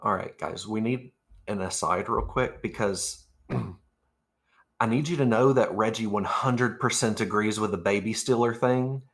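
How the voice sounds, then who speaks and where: A man's voice: fairly low pitch, unhurried, a bit bright. A man playing a tabletop game, making casual asides to the group. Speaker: player.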